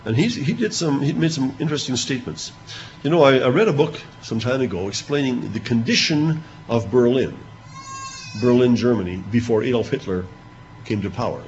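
A man preaching a sermon, retelling scripture with animated emphasis on quoted speech. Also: medium pitch, a little fast, slight background noise. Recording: dull lo-fi recording with faint ambience.

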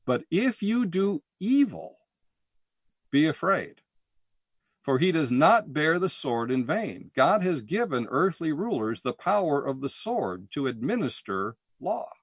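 A man preaching a sermon, deliberate and emphatic, posing rhetorical questions. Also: on the high side, sing-song, husky, no echo. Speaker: pastor.

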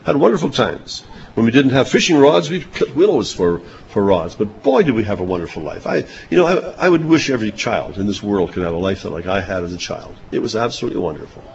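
An older man delivers a sermon in a folksy, chuckling manner, his voice rising and falling with lively pitch. The recording is a little dull, with faint noise in the background. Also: quick pace, creaky. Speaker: preacher.

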